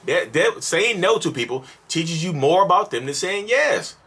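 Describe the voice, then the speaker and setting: A man's voice: on the high side, moderate pace, breathy edge. A man hosting a mental health vlog, giving casual, preachy advice straight to camera, repeating himself for emphasis and breaking into acted voices. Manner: preachy, repetitive, animated, slips into acted voices.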